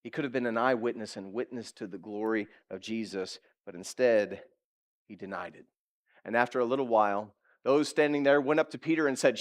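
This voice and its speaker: A male pastor preaching a sermon in a lively, conversational way, asking his listeners direct questions and acting out quotes. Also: lowish voice, fairly quick. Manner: animated preaching, acts out quotes.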